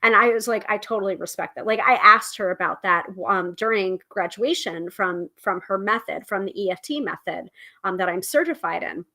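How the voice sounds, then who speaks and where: A woman's voice: medium pitch, moderate pace, bright, forceful tone. A woman hosting a livestream, talking in a chatty, rambling way that often interrupts itself. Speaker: host. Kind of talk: casual livestream chat.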